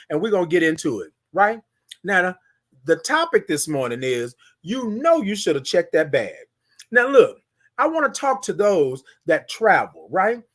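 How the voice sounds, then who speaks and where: Texan guy hosting a morning live stream, high voice, hypes up the chat call-and-response style. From Houston, Texas. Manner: animated, preachy call-and-response with the audience. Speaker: morning show host.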